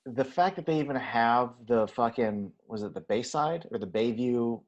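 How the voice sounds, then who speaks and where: Excitable stammering man on a podcast. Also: medium pitch, moderate pace, highs cut off. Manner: enthusiastic, stammers on restarts, swears, laughs. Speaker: podcast co-host. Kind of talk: casual chat.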